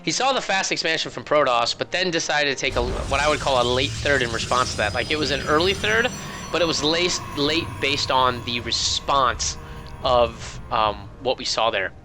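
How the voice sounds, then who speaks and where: Male co-caster, bright forceful voice, hiccuping, breaking down a strategy game match over faint music. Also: medium pitch, moderate pace, rough recording. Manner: analytical, chatty, interrupted by hiccups. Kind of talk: esports commentary.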